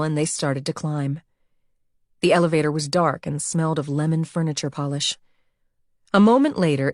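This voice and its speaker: Woman reading a thriller audiobook, low voice, steady, super dry studio mic. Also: no room sound. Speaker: audiobook narrator. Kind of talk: scripted narration.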